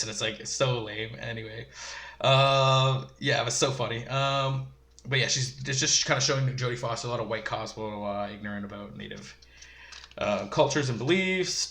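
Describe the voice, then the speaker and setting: Man, casual show recap, rambling with lots of ums, mid-pitched, roomy echo. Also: moderate pace, sharp tone. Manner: rambling, filler-heavy, chuckling asides. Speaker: show reviewer.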